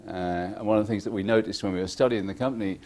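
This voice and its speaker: A man's voice: on the low side, very fast. Irreverent man giving a conference talk. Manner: lively, irreverent, joking with the audience; acts out clients' lines in quoted voices. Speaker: conference speaker. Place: conference hall.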